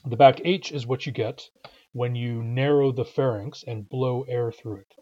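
A man explaining pronunciation in a recorded lesson, patient and methodical, often pausing with "uh". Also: mid-range voice, fairly even intonation, dark tone, highs cut off. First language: English. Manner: patient, explanatory, frequent uh fillers. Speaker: language teacher.

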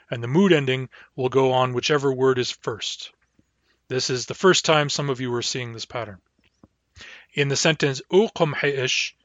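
A man teaching a language lesson, saying each word slowly and then repeating it. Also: medium pitch, a bit bright, dry recording, muffled recording. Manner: slow, deliberate, repeats each word twice.

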